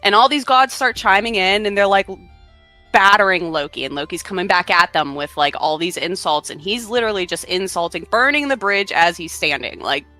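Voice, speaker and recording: A woman's voice: mid-range voice, animated, brisk, pushed and bright, soft background music. A woman co-hosting a podcast, casually retelling old myths in a chatty way, full of fillers. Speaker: podcast co-host. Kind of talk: casual storytelling chat.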